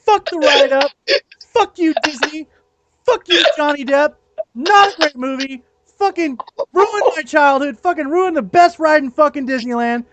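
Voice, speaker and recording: A woman's voice: sits high, normal speed, muffled recording, a little hiss or hum. A woman co-hosting a podcast in casual chat, blunt and emphatic, swearing freely. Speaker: podcast co-host.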